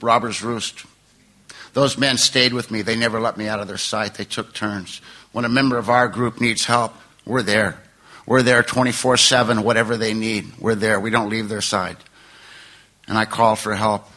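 A man's voice: lowish voice, fairly even intonation, moderate pace, sharp tone. An older man sharing his life story at a recovery meeting, rambling and emotional, laughing through painful memories. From California.

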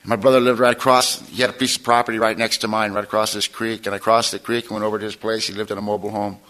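A man with a bright, forceful voice gives his personal testimony to a meeting. He speaks plainly and informally, in a folksy storyteller's way with touches of wry humor. He sounds middle-aged, like someone who has talked to rooms of people before. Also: on the low side, flat delivery, very fast, poor audio.

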